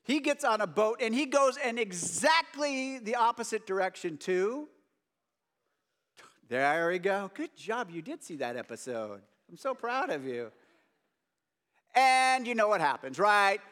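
A man's voice: high-pitched, big pitch swings, unhurried, a bit bright. A man preaching a casual, conversational sermon, full of joking asides to his listeners. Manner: joking, chatty asides to the audience.

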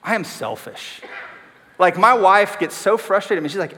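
A man's voice: sits high, big pitch swings, moderate pace, bright, forceful tone, a little hiss or hum. A man preaching a casual, self-deprecating sermon, asking the congregation questions. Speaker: pastor. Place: church sanctuary. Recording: long hall reverb.

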